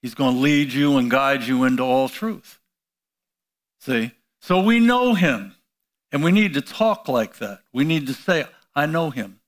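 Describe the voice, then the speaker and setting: A man delivers a sermon in a medium-pitched, sing-song voice at a measured pace. He prompts the congregation with call-and-response questions, leans on frequent "you know" fillers, and exclaims hallelujah.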